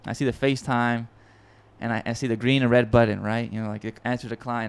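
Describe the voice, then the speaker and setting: A man hosting a podcast, telling a story in a casual, excitable and rambling way with frequent swearing and restarts. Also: medium pitch, brisk, clear, resonant tone. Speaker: podcast host and music producer.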